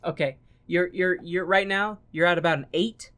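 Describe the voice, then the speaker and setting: A man's voice: sits high, normal speed, sharp tone. A man co-hosting a podcast with his spouse, casually teasing and making crude jokes. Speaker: podcast co-host.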